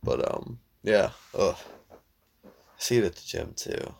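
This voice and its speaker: A man co-hosting a casual podcast chat, blunt and swearing freely, tossing in quick mock voices. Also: sits low, sing-song, vocal fry, darkish tone, breathy edge. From Italian heritage. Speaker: podcast co-host.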